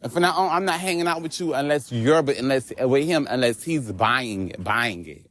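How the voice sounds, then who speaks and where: A man vlogging outdoors on a walk, telling a story in an animated, profane rant. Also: mid-range voice, moderate pace. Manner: animated, profane, laughing asides.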